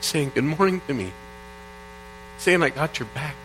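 A middle-aged man from Indiana preaching a sermon, reading psalms aloud in an earnest way that swings between quiet and loud. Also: fairly high pitch, lively intonation, normal speed. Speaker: pastor. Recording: faint mains hum. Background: faint mains hum.

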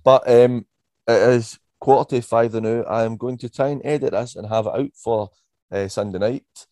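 A man's voice: medium pitch, steady tone, moderate pace, mellow, dry recording. A man with a West of Scotland accent co-hosting a podcast, chatting in a laid-back way with frequent ums. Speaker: podcast co-host. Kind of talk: casual chat.

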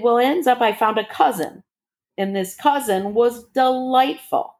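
A middle-aged woman telling her own story as a guest, animated and acting out the dialogue with big leaps in pitch. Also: measured pace. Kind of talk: personal storytelling.

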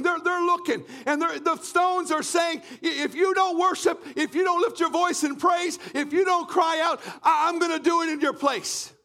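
A man from Canada preaching a fervent sermon, often shouting and repeating phrases in a church. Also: very high-pitched. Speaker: pastor.

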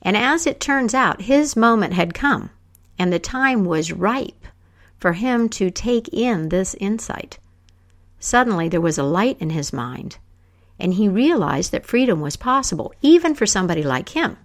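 A woman telling a folk tale aloud, acting out the characters with lively voices. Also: medium pitch, unhurried. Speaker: storyteller. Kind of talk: oral storytelling.

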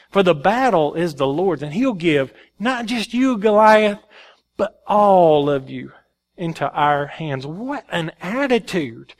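A male pastor preaching a sermon in an animated, folksy storytelling way. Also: sits high.

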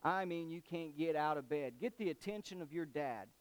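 Man doing a crafty young schemer, slangy and casual, a touch high. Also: lively intonation, normal speed, close to an everyday voice. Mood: scheming.

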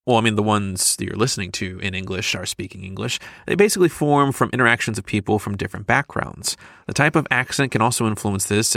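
Bright-voiced, chatty male podcast co-host. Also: on the low side, no room sound, clean studio sound. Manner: chatty, laughs often, many fillers. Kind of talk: casual chat.

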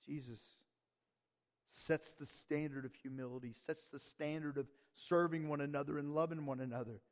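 A man's voice: on the high side, steady tone, moderate pace. A male pastor preaching a sermon, calling out to the congregation and pressing his points with emphasis. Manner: emphatic, call-and-response with the congregation. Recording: reverberant church hall.

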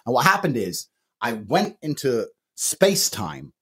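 A man's voice: medium pitch, big pitch swings, unhurried, sharp tone, husky. A man co-hosting a podcast in brash, bragging, hyped banter, cursing freely. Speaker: podcast co-host. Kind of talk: casual boastful podcast banter.

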